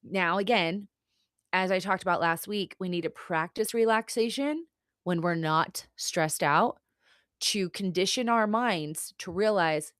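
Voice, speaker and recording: Casting: chatty, rambling woman host with a lowish voice who laughs easily and curses offhand, recorded on a dry-sounding computer mic for a live stream. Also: measured pace, fairly bright tone, no room sound. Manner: chatty, rambling, laughs often, swears casually. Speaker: podcast host and therapist. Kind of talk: casual live-stream talk. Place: home setup on a live stream. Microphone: computer mic on a video stream.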